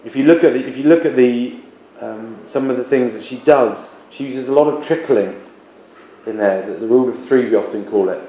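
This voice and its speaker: A male teacher explains a text to his class in an unhurried way, often asking rhetorical questions as he goes. His voice is mellow and dark. The classroom is echoey, with a faint hum of background noise. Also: mid-range voice. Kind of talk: classroom literature lesson.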